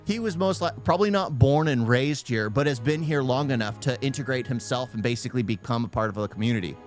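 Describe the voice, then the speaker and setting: A man casually reacting to news clips, animated and stammering, laughing often. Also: mid-range voice, fast, soft background music. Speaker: reaction streamer.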